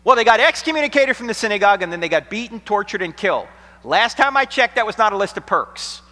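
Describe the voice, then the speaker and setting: A middle-aged American man giving an apologetics lecture to college students, telling stories dramatically, sometimes hushed and sometimes nearly shouting, with a sarcastic edge. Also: high voice, sing-song, quick pace. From United States. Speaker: Christian apologetics speaker. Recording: long hall reverb.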